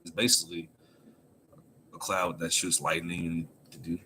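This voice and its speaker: A man's voice: sits low, normal speed, a little hiss or hum. Laughing man recapping a comic chapter. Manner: animated, laughs often, acts out quotes. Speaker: anime chapter reviewer, streamer. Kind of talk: casual chapter recap on stream. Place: home room.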